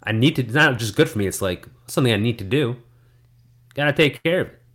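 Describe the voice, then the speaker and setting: A man's voice: mid-range voice, animated, fast talker, fairly bright tone. Rambling laid-back man chatting. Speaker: podcast co-host. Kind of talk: casual chat.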